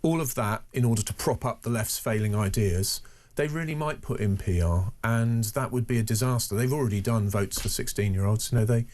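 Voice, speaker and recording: A man appearing as a political guest on live talk radio, measured and earnest, with hesitant restarts. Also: medium pitch, a little mellow.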